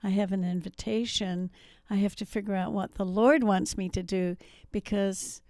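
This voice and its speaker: A woman's voice: mid-range voice, steady tone, normal speed, warm tone, no room sound. A woman in her seventies from New Zealand, with a faint New Zealand accent, telling her life story as an interview guest with self-mocking asides. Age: 70s. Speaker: guest missionary. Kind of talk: testimony interview.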